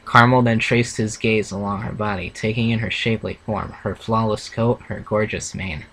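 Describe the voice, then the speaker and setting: A man's voice: fairly low pitch, fairly even intonation, moderate pace, fairly bright tone, slight background noise, low-quality recording. A young man reading a fan story aloud with a co-host, casual and stumbling, correcting himself. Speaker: fanfiction reader, co-host. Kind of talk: casual read-aloud reaction.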